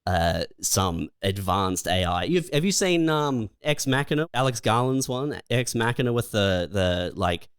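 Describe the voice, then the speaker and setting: A man's voice: fairly low pitch, animated, unhurried, few pauses, clear, resonant tone, no room sound, studio quality. A man co-hosting a podcast in casual comedic chat, rambling with lots of laughter. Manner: rambling, laughs often, says dude and man. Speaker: podcast co-host.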